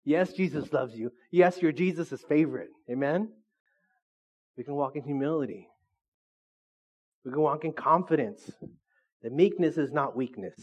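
A middle-aged man preaching a sermon as pastor, joking and calling for answers from the congregation. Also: medium pitch. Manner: joking, call-and-response with the congregation. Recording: dull lo-fi recording.

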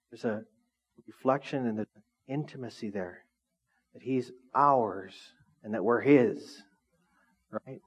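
A man preaching a sermon to a congregation in a relaxed, conversational way, often asking the room questions. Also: mid-range voice, takes it slowly, pauses often, breathy edge, muffled recording. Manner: conversational, lively, asks the audience questions. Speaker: pastor. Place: church hall with congregation.

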